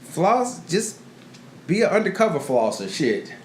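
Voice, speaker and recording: A man's voice: high voice, sing-song, unhurried. A middle-aged man co-hosting a podcast, telling profane stories in casual chat and acting out quotes. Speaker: podcast co-host. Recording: roomy echo, faint noise.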